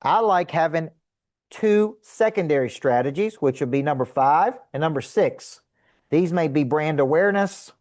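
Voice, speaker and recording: A middle-aged man teaching a seminar to a live audience as a sales coach, energetic and emphatic, asking rhetorical questions. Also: fairly high pitch, dry recording, clean studio sound.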